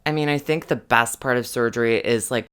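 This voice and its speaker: Woman co-host, smooth resonant voice, casual chat, gushing and slangy. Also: a bass voice, fairly quick, a bit bright. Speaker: podcast co-host.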